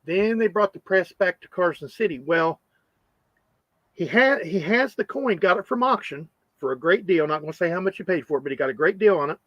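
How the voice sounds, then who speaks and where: A man hosts a relaxed live stream about coins, drifting from story to story and calling out viewers from the chat. His voice sits a bit high. The sound is close and dry, with little room around it. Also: fairly quick, no echo, highs cut off. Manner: rambling, greets chat viewers by name. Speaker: host of a coin live stream.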